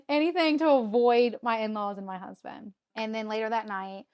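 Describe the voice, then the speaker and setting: A woman's voice: on the high side, fairly even intonation, measured pace, a little mellow, clean tone, no echo, clean studio sound. A woman in her thirties telling her own story as a podcast guest, acting out her past reactions and laughing often. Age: 30s. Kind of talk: casual storytelling.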